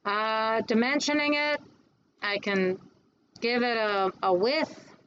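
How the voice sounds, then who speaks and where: A woman instructor giving a classroom lecture on design software, chatty and quick to answer her own questions. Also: a little high, lo-fi sound.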